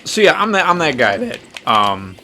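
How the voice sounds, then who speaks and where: A man's voice: a little high, sing-song, moderate pace, bright, forceful tone, slight background noise. Twenties guy, casual gaming podcaster, profane, self-deprecating, rambling storyteller. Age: 20s. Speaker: podcast host.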